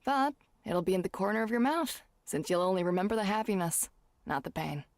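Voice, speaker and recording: A woman voicing Miss Arisugawa, a gentle and wise older female performer, in a comforting, theatrical manner during a tabletop role-play. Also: mid-range voice, expressive, a little fast, no room sound, lightly acted. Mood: consoling.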